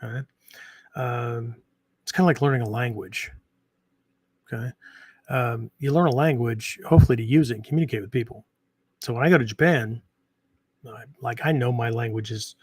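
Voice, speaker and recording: A man with a middle-pitched voice talks off the cuff as a podcast host on training. He rambles, restarts often and keeps checking in with "right?". The sound is dry and close, with no room around it. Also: breathy edge, dry recording. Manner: rambling, many fillers and restarts, frequent "right?". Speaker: podcast host and martial arts teacher. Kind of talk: casual unscripted talk.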